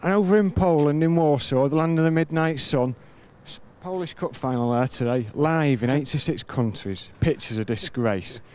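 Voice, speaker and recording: A man's voice: fairly high pitch, darkish tone, lightly acted. A man doing cheeky weatherman. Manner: camp, teasing patter in rapid one-liners. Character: cheeky male weather presenter Sheephead, mischievous. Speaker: comedy weatherman figure.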